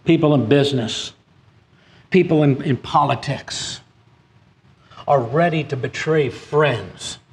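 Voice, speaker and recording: Guy preaching a sermon, reads scripture, gets loud and high on the big points, some stumbling restarts. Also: slow, long pauses. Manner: reads scripture aloud, rising emphatically on key points.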